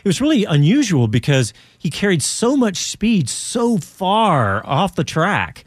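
A man hosting a motorsport radio show, relaxed and conversational as he steers the talk. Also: high-pitched, measured pace, dry recording. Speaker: host.

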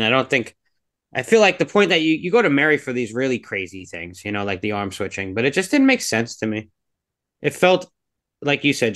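Reviewing a film on the podcast he co-hosts, a man chats casually, giving his opinions in a rambling, hedging way. His voice sits at medium pitch with a fairly bright tone, and he leans heavily on fillers such as "you know" and "like."

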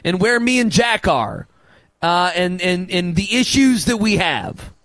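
A man hosting a sports radio show in a studio, talking in animated, preachy banter. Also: high voice, a little slow, dry recording. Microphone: studio microphone.

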